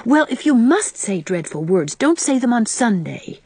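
A woman's voice: a little high, big pitch swings, normal speed, darkish tone, slightly rough, no room sound, voice pushed up, full character voice. A woman voicing a meek little girl who pleads in dismay. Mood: timid.

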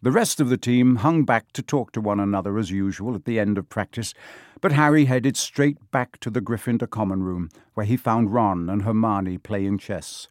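A male audiobook narrator with a lowish voice, telling the story at a measured pace. The recording is close and dry, with no room sound. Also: darkish tone, dry recording. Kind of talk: scripted narration.

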